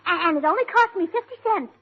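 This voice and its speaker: A woman co-hosting a 1940s radio comedy, scatterbrained, bubbly and excitable. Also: very high voice, quick pace. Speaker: comedy show co-host. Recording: muffled old radio transcription with hiss.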